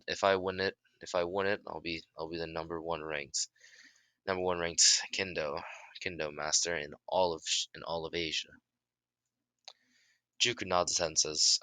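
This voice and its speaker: A man improvising a story as narrator, halting with many restarts and fillers. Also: low voice, bright, forceful tone, no room sound.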